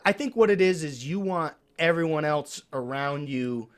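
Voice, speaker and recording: Animated swearing storyteller man. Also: on the high side, moderate pace. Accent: New York. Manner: animated storyteller, swears often, acts out other people's lines. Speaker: podcast co-host. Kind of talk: casual chat.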